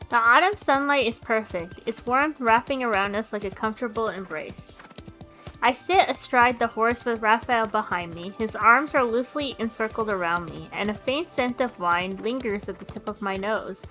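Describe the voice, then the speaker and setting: Bright, higher-pitched woman streamer narrating a game story, expressive and reactive. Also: faint music behind. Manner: expressive, quick reactive asides. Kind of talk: reading story narration with casual asides.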